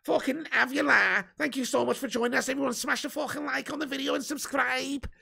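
Man doing Scouse lad voice, sweary, matey, pitched up, gravelly. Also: steady tone, a little fast, bright, forceful tone, exaggerated voice. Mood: chummy. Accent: Liverpool (Scouse, put on). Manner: matey, swearing, back-slapping.

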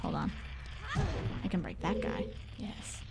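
A woman gaming streamer giving casual let's-play commentary, excitable and goofy, swearing freely and chatting with her viewers. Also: fairly low pitch, unhurried, gravelly, noisy background.

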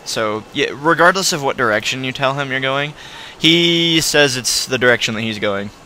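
A man's voice: medium pitch, expressive, normal speed, bright, forceful tone, slight background noise. A man giving casual, rambling commentary while playing a video game, full of restarts and self-corrections. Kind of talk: let's play commentary.

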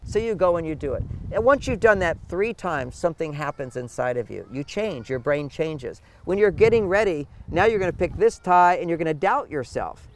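A man's voice: on the high side, lively intonation, moderate pace, few pauses, slight background noise. An older man giving relationship advice in an interview, emphatic, often acting out what partners say. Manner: emphatic, acts out quoted partners. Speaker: relationship author, guest. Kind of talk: interview answers.

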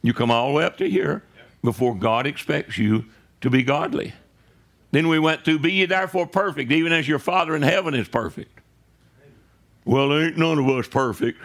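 Gravelly preaching man, conversational. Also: a little high, lively intonation, brisk, a bit bright. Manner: conversational preaching with frequent "right?" asides. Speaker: pastor. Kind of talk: sermon. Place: church sanctuary.

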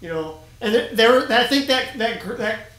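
A man's voice: very high-pitched, lively intonation, normal speed, bright, forceful tone, reverberant, rough recording. A man co-hosting a casual chat, heated and ranting, swearing often. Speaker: podcast co-host, group admin.

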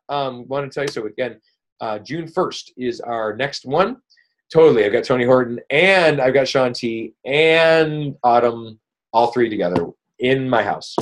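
A man hosting a weekly coaching call, talking casually and upbeat, rambling with many fillers and restarts. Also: medium pitch. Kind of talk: casual motivational coaching talk.

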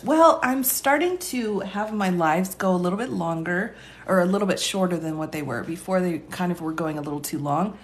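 A woman who is a lawyer and law teacher, hosting a casual live stream, chatting and laughing often as she reads viewer comments aloud. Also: lowish voice. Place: indoor room, streaming live. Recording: roomy echo.

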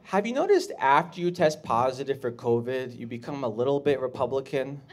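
A man doing a stand-up comedy set, talking in an awkward, halting way with restarts and jumping up into shrill voices when he quotes people. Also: animated, background noise. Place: comedy club stage with live audience. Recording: clear live audience laughter.

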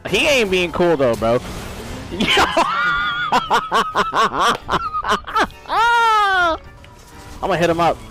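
A young man streaming a game, chatting crudely and excitably, breaking into shouts. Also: very high voice, extremely slow, pauses often, music in the background. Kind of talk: casual gaming stream chatter.

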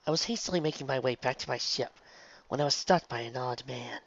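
A man's voice: mid-range voice, fairly quick, creaky, no room sound. A man voicing a solemn regal pony princess. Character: regal, remorseful sun princess, female pony. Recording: dull lo-fi, dry.

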